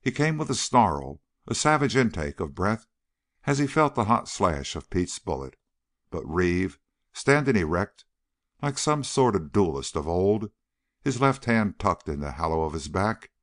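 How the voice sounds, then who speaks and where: Deep-voiced man narrating a Western. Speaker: audiobook narrator. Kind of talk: scripted narration of a Western novel.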